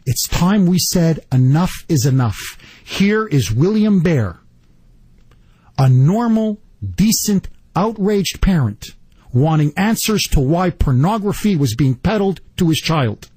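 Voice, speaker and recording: A man hosting a talk radio show, delivering an indignant, rapid-fire political monologue. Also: a little high, very animated, mellow, breathy edge, dry recording.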